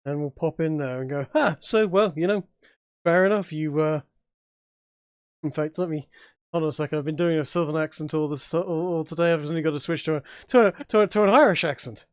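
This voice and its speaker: A man's voice: on the high side, quick pace, no echo, highs cut off. A man narrating as dungeon master of a tabletop game, in a rambling, casual way. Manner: rambling, with many restarts and fillers.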